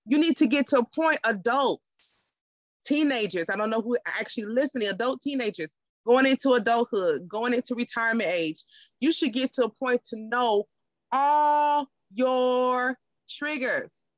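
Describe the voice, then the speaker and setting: A woman who teaches, talking in a lively podcast conversation, often laughing and acting out the people she quotes. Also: a little high, moderate pace, no room sound, dull audio. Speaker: teacher and guest.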